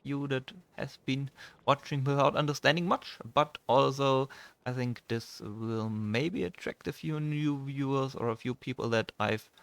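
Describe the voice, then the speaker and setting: Casually commentating a farming game let's play, this young man, a native German speaker with a German accent, frequently pauses while hunting for words. The dry recording captures a clean, mid-range voice with fairly even intonation.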